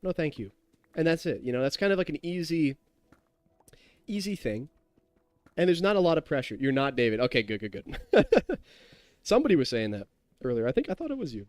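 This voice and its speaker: A tipsy man in his twenties, who has been drinking, streams a game and rambles chattily to his chat, laughing as he goes. His voice is mid-range with no echo.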